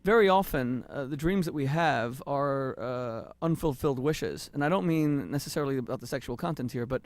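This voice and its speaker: A man who is a rabbi and author, a guest on a radio show, quick with wordplay and a lecturing way of explaining. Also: medium pitch.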